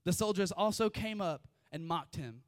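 A man's voice: high-pitched, lively intonation, moderate pace, no echo, clean studio sound. A young man preaching a casual sermon, reading scripture with chatty, informal asides. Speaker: youth preacher.

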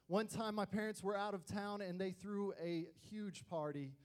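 A young man with a high-pitched voice preaches to youth at a measured pace. This youth pastor tells personal family stories with animation and acts out the voices of people he quotes.

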